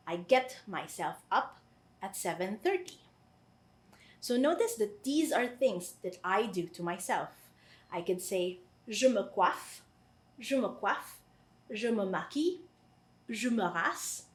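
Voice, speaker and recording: A woman with a Filipino accent teaching a French grammar lesson, patiently repeating each French phrase and translating it. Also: mid-range voice. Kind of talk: online language lesson.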